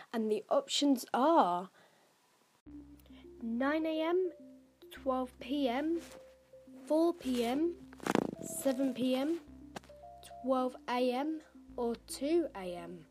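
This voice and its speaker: A teenage girl chats casually as a podcast host. She rambles and fills pauses with little asides. Her voice sits a little high and has a soft, mellow warmth. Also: husky. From United Kingdom. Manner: chatty and rambling, many fillers and asides. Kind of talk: casual chat while taking an online quiz.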